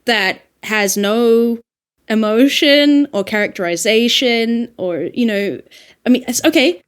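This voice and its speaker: A woman with an Australian accent, an audiobook narrator talking through her craft in a casual, animated podcast discussion. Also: a little high, slow, clean tone. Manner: animated, reflective, frequent laughs and fillers.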